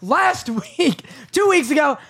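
Teasing young man with a gravelly high voice. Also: animated, slow, bright, forceful tone. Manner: teasing, mock-serious taunting. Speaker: podcast co-host. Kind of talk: casual podcast banter.

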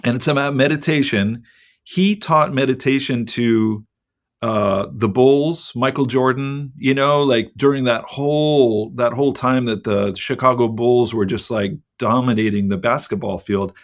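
A man's voice: mid-range voice, unhurried. Middle-aged guy rambling on a podcast, says like a lot, swears a bit, plain mid voice. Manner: rambling, candid, peppered with "like" and swearing. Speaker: podcast co-host. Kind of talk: casual chat.

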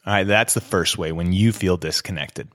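A man's voice: low-pitched, normal speed, fairly bright tone, dry recording, studio quality. A man hosting an advice podcast, talking in a casual, direct coaching tone. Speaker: podcast host.

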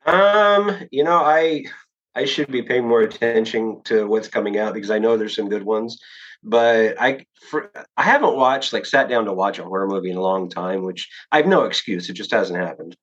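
A man's voice: lowish voice, normal speed, highs cut off. A man, an author guest on a podcast, talking casually and loosely with plenty of fillers and restarts. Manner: relaxed, rambling, many fillers and restarts.

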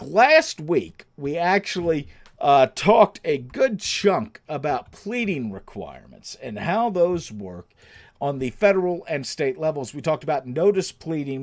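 A man in his thirties hosting a legal podcast, telling profane, animated stories in casual chat. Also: on the high side. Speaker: podcast host. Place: home, livestream setup.

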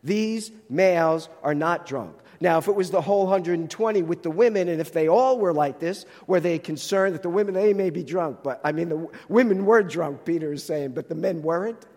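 A man's voice: sits high, a little fast, few pauses, a little mellow, in a large hall. A man with a New Jersey accent teaching a sermon, explaining the text and posing rhetorical questions. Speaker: Bible teacher.

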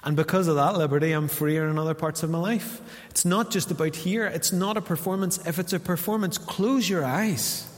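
Northern Irish pastor preaching in a reverberant hall. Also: male voice, on the high side, fairly quick, hardly any pauses. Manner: conversational preaching that acts out little dialogues. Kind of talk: sermon. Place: church hall. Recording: long reverb of a church hall.

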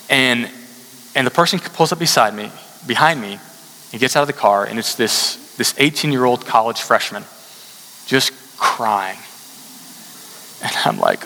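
Man, pastor, conversational sermon delivery, bright and forceful tone, fairly high voice, long hall reverb. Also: moderate pace, pauses often. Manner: conversational, animated storytelling with asides.

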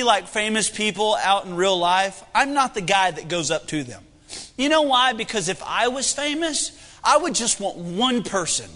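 A young man preaching a sermon, telling a personal story in a folksy, animated way from a church sanctuary. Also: very high-pitched, in a large hall. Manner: folksy and animated, with shifting energy.

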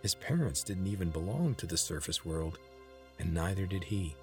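A man reading a chapter book aloud in steady, measured storybook narration. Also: sits low, soft background music. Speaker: audiobook reader.

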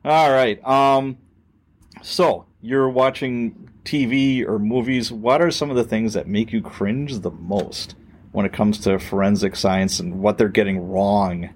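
A man's voice: on the low side, unhurried, slight background noise. A middle-aged man, a podcast host, telling a story from his police days in casual chat, acting out the quoted voices and swearing now and then.

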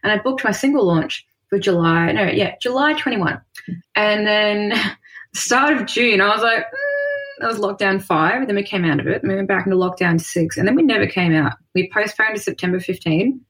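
A woman with an Australian accent, a musician chatting casually on a podcast, laughing often and telling animated stories. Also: mid-range voice, normal speed. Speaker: musician guest.

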